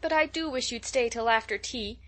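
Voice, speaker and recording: A woman's voice: a little high, normal speed, a bit bright, natural voice. A woman voicing an imaginative, chatty young girl who tells everything dramatically, in an audiobook reading. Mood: pleading. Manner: gushing, breathless storytelling.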